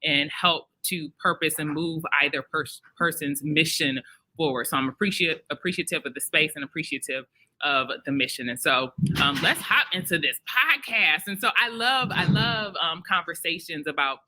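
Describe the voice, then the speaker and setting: Chatty lady hosting a live podcast at an expo, really bright, lively, laughs a lot. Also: low voice, moderate pace, a little hiss or hum, low-quality recording. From Detroit, Michigan. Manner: chatty, animated, laughs often and sings snippets. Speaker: podcast host. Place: expo venue.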